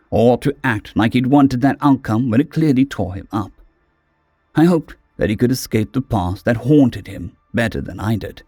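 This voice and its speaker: Expressive male audiobook narrator. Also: mid-range voice, no echo, studio quality. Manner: expressive, dramatic storytelling. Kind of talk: first-person audiobook narration.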